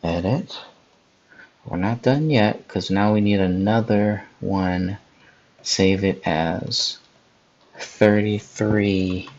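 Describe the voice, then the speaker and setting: A man with a low, gravelly voice leads a live editing tutorial, casually explaining each step as he goes. He chats with viewers in the live chat while he works. The recording sounds dull and lo-fi. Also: a little mellow. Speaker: podcast host.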